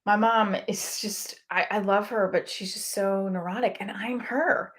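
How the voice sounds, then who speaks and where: A woman's voice: mid-range voice, fairly even intonation, measured pace. Candid, rambling woman comedian. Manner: rambling, candid, swears freely. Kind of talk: confessional comic monologue.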